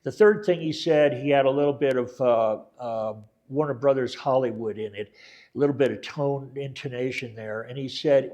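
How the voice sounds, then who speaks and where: An older man recounts his war story in a relaxed oral-history conversation, drifting off track and correcting himself, with plenty of fillers and dry quoted lines. His pitch is medium and his pace moderate.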